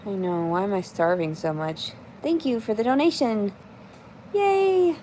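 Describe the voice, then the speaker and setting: A woman's voice: mid-range voice, big pitch swings, normal speed, mellow, a little hiss or hum. A woman in her thirties livestreaming in casual chat, reading out comments and answering them in a blunt, profane, rambling way.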